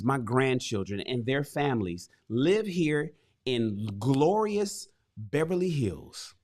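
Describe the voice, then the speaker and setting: A man's voice: mid-range voice, a little mellow, voice pushed down. Man doing a fed-up chariot builder ranting. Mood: exasperated. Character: frustrated working-class male chariot builder. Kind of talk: comic slang retelling of a parable.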